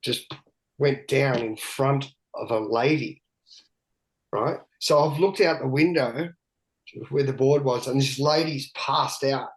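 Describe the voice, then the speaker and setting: A man's voice: mid-range voice, takes it slowly, rough recording. Man, middle-aged, candid, rambling storyteller, salty language. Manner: loose and candid, swears freely, often laughs mid-story. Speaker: podcast guest, big wave surfer. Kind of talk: candid storytelling in casual conversation.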